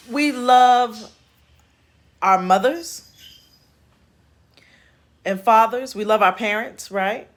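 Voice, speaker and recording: Slow-talking woman chatting casually. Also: medium pitch. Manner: chatty, laughing asides, folksy slang. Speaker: host. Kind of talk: casual spiritual chat. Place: home. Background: home repair noise.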